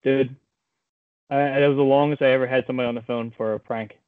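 A man co-hosting a casual podcast, telling a prank story with lively acted-out voices over an online call. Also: mid-range voice, fast talker, clean tone, dry recording. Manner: animated storyteller, acts out voices. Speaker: podcast co-host. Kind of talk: casual chat. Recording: tinny phone-like call audio.

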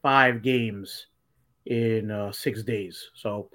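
Easygoing young co-host, chatty. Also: male voice, lowish voice, steady tone, drawn-out words, pushed and bright. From New Jersey. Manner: easygoing, chatty, says dude. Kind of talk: casual chat.

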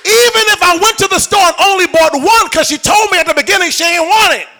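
A man's voice: very high-pitched, fast talker, pushed and bright, some chatter behind. A middle-aged man preaching a live sermon in church, joking with and coaxing the congregation.

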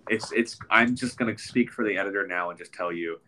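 A man's voice: lowish voice, fairly quick, bright, forceful tone. A man co-hosting a podcast in casual chat, congested and nasal from a sinus infection, rambling with many ums and restarts. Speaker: podcast co-host.

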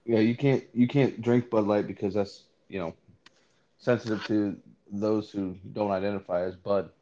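A man's voice: fairly low pitch, fairly even intonation, moderate pace, mellow, dull audio, slight background noise. A man co-hosting a podcast, hesitant and self-mocking, stumbling over his words in casual chat. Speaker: podcast co-host.

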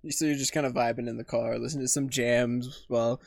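A man's voice: medium pitch, fairly even intonation, a little fast, creaky, no room sound, clean studio sound. A man in casual chat who laughs along and asks follow-up questions.

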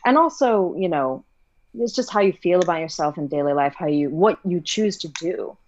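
A woman's voice: on the low side, animated, normal speed, a little mellow, dull audio, a little hiss or hum. A woman hosts a loose conversation, effusive in her thanks and hesitant in her phrasing. She leans on "like" and "I mean" as she gathers her thoughts. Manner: effusive, hesitant, many "like" fillers. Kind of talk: casual conversation.

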